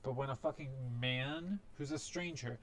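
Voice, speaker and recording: A man's voice: medium pitch, moderate pace. A man talking to camera in a casual monologue, blunt and profane, rambling through asides and fillers. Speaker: video creator telling a personal story.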